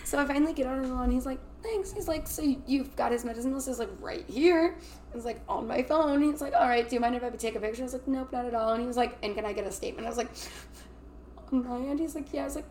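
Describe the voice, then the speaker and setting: A young woman co-hosting a podcast, telling work stories in a casual chat, animated and acting out the people she quotes. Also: sits high, quick pace. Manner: animated, acts out quotes, swears freely. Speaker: podcast co-host. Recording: faint background noise.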